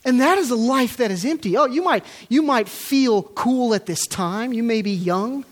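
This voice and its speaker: A man's voice: very high-pitched, expressive, moderate pace. A man preaching an earnest, emphatic sermon as pastor, speaking to his congregation in church and asking them questions.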